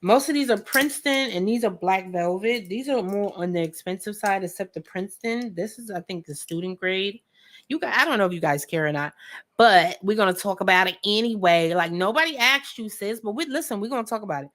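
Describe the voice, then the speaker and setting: A young woman hosting a casual painting tutorial at home, chatty and joking with viewers, often clearing her throat. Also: mid-range voice, expressive, a little fast, fairly bright tone. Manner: chatty, joking asides, talks to viewers as friends; frequent laughs and throat clearing. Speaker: art tutorial host. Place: home studio with a fan running.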